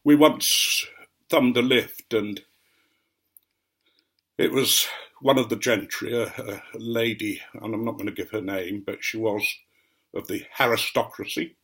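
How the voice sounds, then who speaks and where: A man with a received English accent with a faint Norfolk edge, telling unhurried anecdotes in a rambling vlog with frequent ums. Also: lowish voice, fairly even intonation, fairly bright tone, husky. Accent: mostly received English, light Norfolk. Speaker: vlogger. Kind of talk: rambling anecdotal chat to camera.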